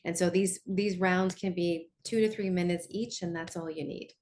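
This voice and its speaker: A woman's voice: on the low side, steady tone, a little mellow, slight background noise. A woman coach leading a guided lesson in a conversational way, often checking in with her listeners. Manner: slows down to guide tapping.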